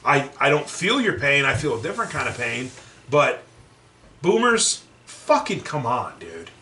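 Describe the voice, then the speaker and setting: A man's voice: medium pitch, sing-song, unhurried, bright, forceful tone, recorded from a distance, slight background noise. Ranting, profane man in an echoey room. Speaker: podcast co-host. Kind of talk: casual podcast chat.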